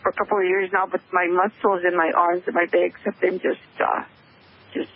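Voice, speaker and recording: A woman calling into a radio talk show, emotional and tearful, speaking haltingly over a muffled phone line. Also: lowish voice, little pitch movement. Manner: halting, hesitant speech. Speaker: caller. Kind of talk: call-in radio conversation.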